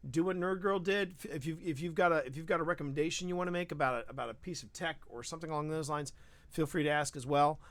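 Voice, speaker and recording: Animated rambling male podcast host. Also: a little high, fast, dry recording. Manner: animated, rambling, frequent restarts. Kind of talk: casual live-stream chat.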